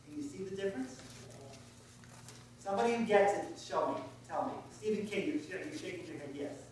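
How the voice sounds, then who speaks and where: A man's voice: sits high, lively intonation, brisk, darkish tone, slight background noise. A male pastor giving an informal, conversational sermon, quizzing his congregation as he goes. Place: church sanctuary. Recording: echoey church from far off.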